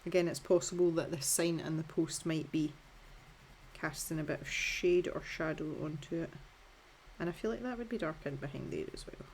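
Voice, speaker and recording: This Scottish woman in her thirties chats casually through a colouring tutorial, self-deprecating and full of filler words and restarts. Her voice is low and a little mellow, at a normal speed, with a faint hiss or hum in the recording.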